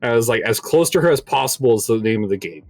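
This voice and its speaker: A man's voice: medium pitch, animated, fast, no echo, soft background music. A young man casually telling a long story on a podcast, rambling with lots of filler words and laughing at his own tale. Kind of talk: casual chat.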